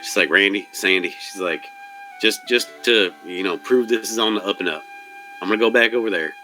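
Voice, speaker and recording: A man acting as game master narrates a tabletop game in a loose, rambling way, switching quickly between characters' lines. His voice is fairly low and sharp in tone, with faint music behind him.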